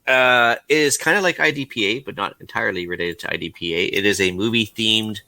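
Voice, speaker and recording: A man's voice: on the low side, a little fast, vocal fry, pushed and bright. A Canadian man co-hosting a casual podcast chat, easygoing and laughing between points. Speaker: podcast co-host.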